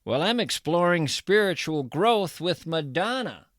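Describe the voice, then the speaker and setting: A naive grown man, new to spirituality, voiced by a man in a comedy bit, explains himself earnestly and a bit sheepishly. His voice sits high and bright, dry and close, with small stumbles. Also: lively intonation, measured pace, dry recording.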